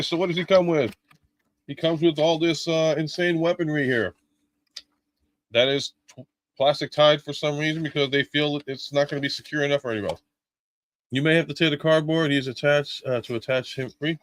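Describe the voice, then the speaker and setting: A man's voice: a little high, a bit bright. A middle-aged man live-streaming a toy unboxing, chatting casually with jokes, swearing and lots of fillers.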